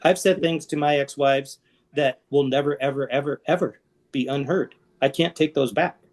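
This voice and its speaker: A man's voice: medium pitch, normal speed. A middle-aged man, a guest on an interview podcast, talking candidly and with self-deprecating humor about his past. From Seattle area. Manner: frank and self-deprecating, with lively asides.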